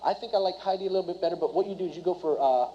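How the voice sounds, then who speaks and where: A man giving a live seminar talk to an audience, talking rapidly and keeps quizzing the crowd. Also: high voice. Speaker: seminar speaker and business trainer. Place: meeting room before a live audience. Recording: dull lo-fi recording.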